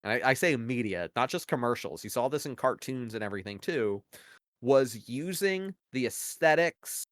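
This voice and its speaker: A mid-range, expressive male voice at a moderate pace, recorded in studio quality with no echo. He co-hosts a podcast, rambling casually through opinionated analysis, arguing at length and leaning heavily on "like" and "you know."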